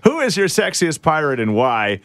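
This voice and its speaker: A man's voice: normal speed, no echo. A man hosting a morning radio show, joking around in casual banter with his co-hosts. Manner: lively, joking, swings pitch a lot.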